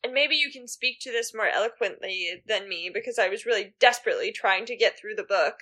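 A woman's voice: medium pitch, a little fast, sharp tone. A woman co-hosting a casual book podcast, chatty and full of 'like'. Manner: chatty, many fillers like 'like'. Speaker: podcast co-host.

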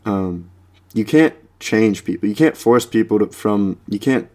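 A young man with a lowish voice talks through a podcast in a loose, rambling way, stacking fillers and laughing mid-sentence. Now and then he jumps into a high mocking voice to imitate people. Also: animated, a little slow, a little mellow. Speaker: podcast host. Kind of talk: rambling casual podcast chat.

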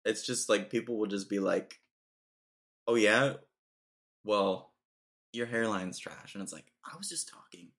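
A man's voice: on the low side, measured pace, long pauses, a bit bright. A young man hosting a casual podcast chat, telling joking stories and saying dude and bro a lot. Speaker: podcast host.

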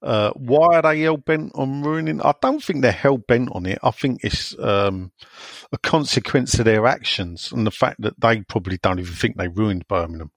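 A man co-hosting a casual podcast, reading out listener messages and chatting with quick asides. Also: mid-range voice, gravelly, no echo, clean studio sound. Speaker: podcast co-host.

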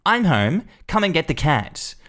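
A man putting on a shrill, scornful woman neighbor. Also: big pitch swings, measured pace, fairly bright tone. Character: entitled, condescending woman neighbor.

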